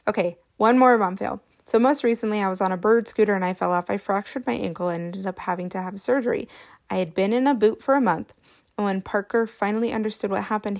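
Woman, 30s, podcast host, chatty and self-deprecating, gravelly fry on her words. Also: medium pitch, a little mellow. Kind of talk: casual storytelling podcast.

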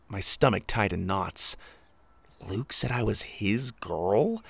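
A man narrating a storybook in the first person with an expressive delivery. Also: fairly low pitch, slow, creaky, husky, dry recording. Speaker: audiobook narrator.

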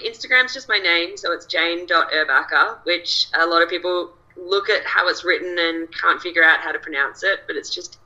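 A woman's voice: lowish voice, normal speed, few pauses, bright, forceful tone, low-quality recording. A chatty Australian woman, a coach, talking as a guest over a video call and laughing often. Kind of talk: casual interview chat.

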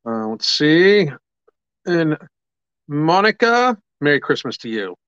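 A man hosts a casual livestream, chatting loosely with viewers, swearing freely, reading their comments aloud and staying upbeat about his products. His voice is fairly high, fairly bright, smooth and very animated, delivered at a slow pace. The recording is dry and lo-fi.

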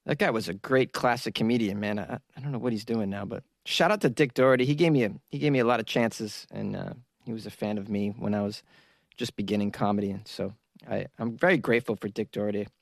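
A man's voice: fairly low pitch, fast talker, gravelly, dry recording, studio quality. A middle-aged man, a comedian hosting his own podcast, talking casually and rambling with self-interruptions. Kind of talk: casual solo podcast talk.

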